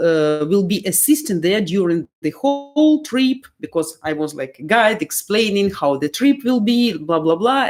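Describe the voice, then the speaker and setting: Ukrainian-accented woman on a live q&a stream, chatty, explains stuff with lots of uh's. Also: mid-range voice. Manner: chatty, explains step by step with fillers. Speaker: dating coach answering viewer questions.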